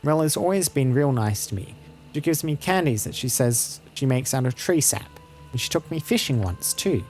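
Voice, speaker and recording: A man's voice: medium pitch, animated, moderate pace, a little mellow, a little hiss or hum, natural voice. A man voicing an earnest, frightened young farm girl in a computer game, pleading to be believed. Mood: earnest, scared. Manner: pleading, insistent.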